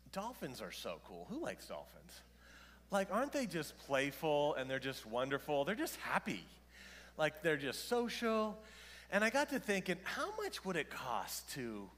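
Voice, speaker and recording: Man, pastor, sermon, expressive swinging pitch, jokey, reverberant sanctuary. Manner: animated, joking, self-deprecating. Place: church sanctuary. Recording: long reverb of a church hall.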